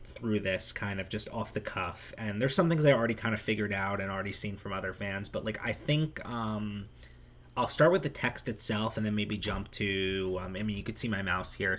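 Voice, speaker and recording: A man with a fairly low voice talks off the cuff into a desktop mic, tumbling through fillers and restarts as his excitement builds. Faint ambient noise sits under his voice. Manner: excitable, breaks into laughs, many fillers and restarts. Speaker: vlog host analyzing a manga chapter. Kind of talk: off-the-cuff commentary.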